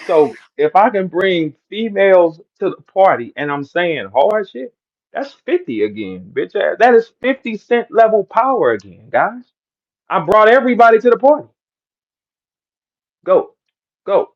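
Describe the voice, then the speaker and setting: Man, St. Louis accent, brash and boastful, slightly high voice, dull lo-fi stream sound. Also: big pitch swings, unhurried. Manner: brash, repetitive, trash-talking. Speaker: battle rapper hosting a live audio room. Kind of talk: boastful live-stream rant.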